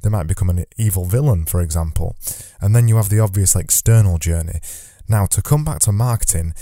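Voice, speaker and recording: A man's voice: low-pitched, fairly quick, warm tone, dry recording, studio quality. A man hosting a solo podcast, talking into a microphone from notes in a loose, conversational way, repeating phrases as he thinks aloud. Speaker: podcast host. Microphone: studio microphone.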